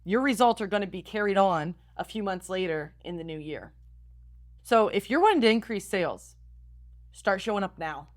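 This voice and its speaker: A young woman hosting a motivational podcast, coaching her listeners directly in an upbeat, energetic way. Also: medium pitch, normal speed. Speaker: podcast host and style coach.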